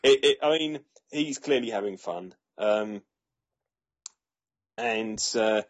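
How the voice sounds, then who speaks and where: Male film reviewer, lowish husky voice, halting casual delivery. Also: muffled recording. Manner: hesitant, many fillers and restarts. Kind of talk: casual chat.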